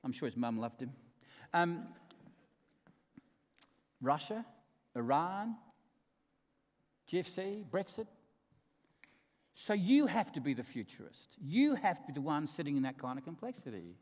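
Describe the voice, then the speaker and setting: Animated, high-voiced man giving a keynote. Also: unhurried, long pauses. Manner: emphatic, humorous storytelling with sudden drops to quiet asides. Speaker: keynote speaker. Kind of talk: conference keynote address. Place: large conference hall. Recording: reverberant hall.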